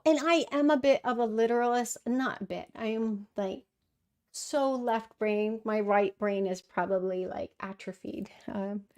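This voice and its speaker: Hosting a casual livestream, a middle-aged woman with a darkish, mid-range voice responds thoughtfully to questions from viewers. Her speech is full of fillers and restarts.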